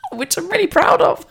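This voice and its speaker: A woman, hosting a podcast as a chatty, animated monologue with frequent laughs and restarts. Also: very high voice, creaky, slight background noise. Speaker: podcast host.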